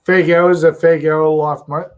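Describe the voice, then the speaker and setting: A man chatting on a live stream, blunt and halting, swearing now and then. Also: a little high, little pitch movement, clean tone, rough recording. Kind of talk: casual chat on a live stream.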